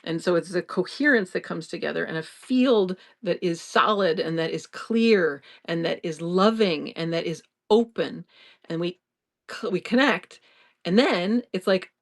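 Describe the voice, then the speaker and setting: A woman's voice: fairly low pitch, unhurried. A middle-aged woman hosting an improvised solo podcast, talking in an earnest, reassuring and rambling way, often restarting her sentences. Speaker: podcast host. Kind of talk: improvised casual monologue.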